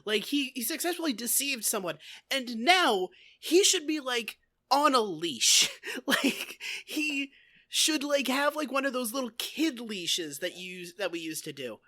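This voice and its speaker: Bright, sardonic female podcast host. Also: a little high, expressive, measured pace. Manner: profane, sardonic, playful. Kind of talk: casual chat.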